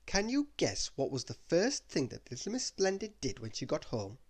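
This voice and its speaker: A man reading a children's storybook aloud in an expressive bedtime read-aloud style. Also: fairly high pitch, normal speed.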